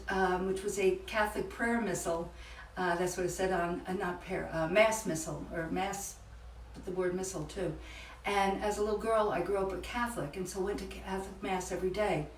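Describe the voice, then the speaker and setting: A woman's voice: medium pitch, a little hiss or hum. Older woman telling a faith-based story. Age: around 70. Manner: reflective, storytelling, many pauses and fillers. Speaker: author and motivational speaker. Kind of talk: faith-based motivational talk. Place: event room. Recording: echoey room, far from the mic.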